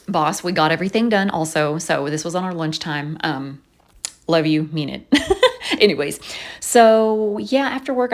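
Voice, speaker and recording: A woman chatting casually in a voice-over, telling stories and laughing often. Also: deep voice. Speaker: planner vlogger.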